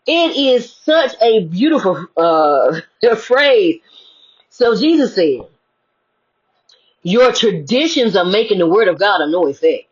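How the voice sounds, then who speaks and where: A woman's voice: mid-range voice, slightly rough. A woman giving a preachy motivational spiritual talk, casual and full of rhetorical questions. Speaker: spiritual speaker. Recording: dull lo-fi recording.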